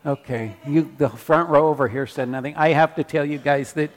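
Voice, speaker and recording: A man preaching a sermon as pastor in a church, animated, repeating his declarations. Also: a little high, normal speed, long reverb tail.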